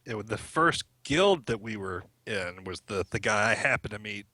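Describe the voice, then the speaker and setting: Middle-aged male podcast guest, bright and forward, chatty storyteller who laughs often, dry close mic. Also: fairly low pitch, animated, normal speed, no room sound. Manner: chatty, laughs often while telling stories. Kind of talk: casual storytelling chat.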